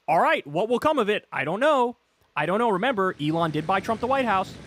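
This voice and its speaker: A man with a rather high voice rants sarcastically about politics, swearing freely and sounding thoroughly indignant. Soft music plays faintly behind him. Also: very animated, fairly quick. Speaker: political commentator. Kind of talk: ranting political commentary.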